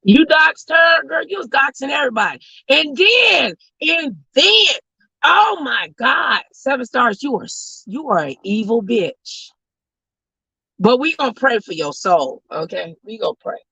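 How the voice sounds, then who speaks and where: A woman hosting an online talk show, ranting loudly and profanely in sassy commentary, often shouting. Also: sits high, big pitch swings, a little slow, vocal fry, slightly rough, no room sound, rough recording. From West Coast of the US. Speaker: host.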